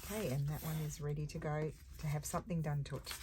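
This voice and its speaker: Low-voiced older Australian woman crafting. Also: steady tone, fast talker, noisy background. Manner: chatty, easily distracted, thinks aloud while working. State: tired. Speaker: craft channel host. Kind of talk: casual crafting chat.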